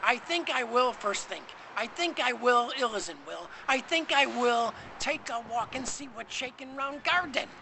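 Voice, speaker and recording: A man voicing a brash, excitable first man in a storybook garden, talking loud and high. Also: unhurried, few pauses, background noise, full character voice. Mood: blustering.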